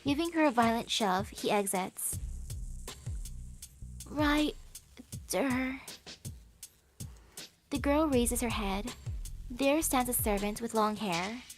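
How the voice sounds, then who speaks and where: A woman streaming as a guest, narrating a visual novel aloud in steady storytelling. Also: fairly high pitch, a little slow, soft background music. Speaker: vtuber guest.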